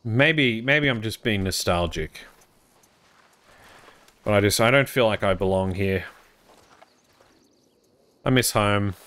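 A man's voice: lowish voice, slow, long pauses, a bit bright. A man from Queensland with an Australian accent, streaming and chatting casually to viewers in a rambling, wry, self-amused way.

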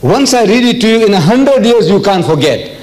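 An older man delivers a religious lecture in a hall. His voice sits a touch high for a man, and he drives points home by repeating phrases and firing rhetorical questions at the audience. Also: sing-song, brisk, darkish tone. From South Africa. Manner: emphatic, repetitive preaching with rhetorical questions. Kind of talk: public lecture.

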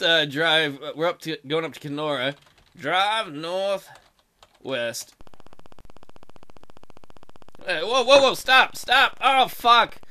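His voice high, pushed and bright, a man hosts a casual let's play, reading the game's text aloud and making crude jokes. Keyboard typing runs in the background of this gaming video.

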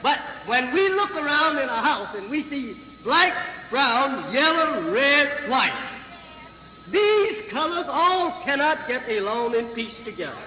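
High-pitched man preaching slowly in an echoey hall. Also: very animated, pushed and bright. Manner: slow, emphatic, repeated rhetorical questions to the crowd; halting with frequent fillers and restarts. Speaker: religious leader addressing a crowd. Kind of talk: preaching speech to a live audience. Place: large hall with an audience. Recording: echoey hall, noisy 1950s archive recording.

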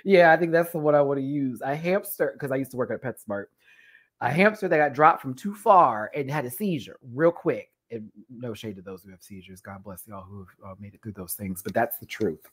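Low-voiced woman, rowdy storytelling host. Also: brisk, breathy edge. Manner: animated, profane storytelling with frequent laughter. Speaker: show host reviewing a TV competition. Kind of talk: casual live stream chat.

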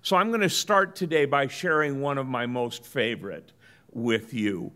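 A middle-aged man from Southern California giving a business lecture in a measured, good-humored storytelling manner. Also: medium pitch, a bit bright. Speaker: guest lecturer.

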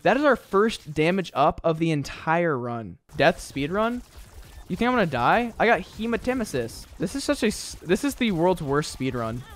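A gaming streamer with a slightly high, sing-song voice gives casual running commentary on his let's-play at a normal pace. He often sounds exasperated and mocks himself.

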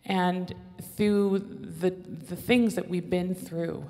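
A woman's voice: fairly low pitch, steady tone, slow pace, mellow, big-room sound. A woman giving a candid, rambling personal testimony on a church panel, often restarting her sentences. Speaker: panelist mother.

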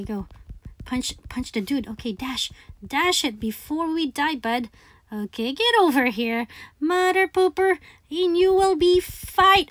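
A woman giving excited gameplay commentary, chanting repeated commands and calling game characters buddy. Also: high voice, dry recording. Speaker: gaming channel host.

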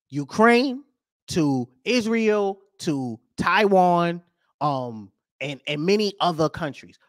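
A man hosting a podcast, ranting over news clips with profanity and rhetorical questions, swinging between loud and soft. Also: high-pitched, dry recording, clean studio sound. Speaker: podcast host.

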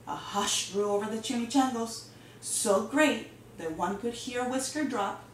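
A woman teacher reading a picture book aloud in a lively, expressive way. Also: on the high side, unhurried, slight background noise. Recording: echoey room, distant mic.

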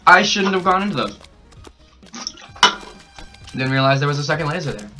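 A young man hyped up on energy drinks, narrating his gameplay, yelling and cackling at every death and win. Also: on the high side, normal speed, music in the background. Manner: excitable, shouts and cackles at the game. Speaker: gaming channel host. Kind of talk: hyper gameplay commentary. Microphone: desk mic with a camera nearby.

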